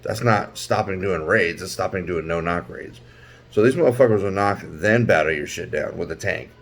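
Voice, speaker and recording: A man delivering an angry, profane commentary rant, his voice climbing to near-shouts. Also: sits low, moderate pace. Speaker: YouTube commentator. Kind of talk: ranting commentary.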